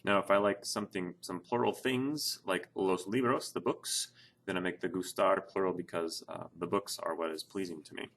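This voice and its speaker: Man, low pitch, Spanish teacher, casual explanatory lesson narration, filler words. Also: fairly even intonation, normal speed, creaky, a bit bright. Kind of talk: screen-share lesson narration.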